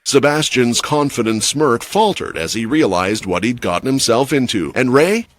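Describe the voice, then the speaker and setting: A man's voice: medium pitch, animated, normal speed, slight background noise. A man giving scripted, dramatic story narration for a comic recap.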